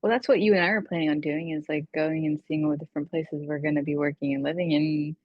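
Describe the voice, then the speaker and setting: A woman co-hosting a podcast in relaxed casual chat, using words like dude. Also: sits low, quick pace, muffled recording. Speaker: podcast co-host.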